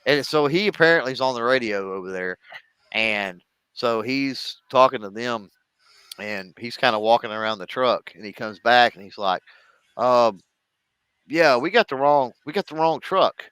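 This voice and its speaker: A man's voice: medium pitch, lively intonation, normal speed, a bit bright, clean tone, dry recording. A man, chatting casually on a show and telling a story, acting out the voices of the people in it. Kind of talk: casual chat.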